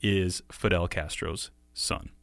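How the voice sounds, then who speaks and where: An American man co-hosting a podcast, talking casually and quickly, laughing often. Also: sits low, steady tone, gravelly, no room sound. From United States. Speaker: podcast co-host.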